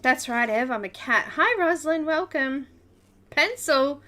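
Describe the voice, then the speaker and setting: Giggly, lively-voiced woman streamer. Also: high voice, unhurried. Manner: giggly, chatty, greets viewers by name. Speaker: coloring livestream host. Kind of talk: casual live-stream chat.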